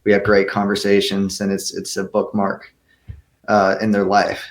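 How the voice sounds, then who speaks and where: A man's voice: fairly low pitch, completely flat delivery, moderate pace. A young man, an actor, answering interview questions earnestly, often restarting his sentences. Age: young adult. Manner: earnest, with many restarts and stammered repeats. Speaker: guest actor.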